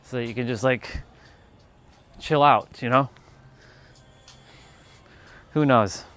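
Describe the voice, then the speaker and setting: Speaking slowly in a mid-range, slightly bright voice, a man hosts a livestream with soft music behind him. He chats casually and playfully, repeating a word he finds funny and laughing at it.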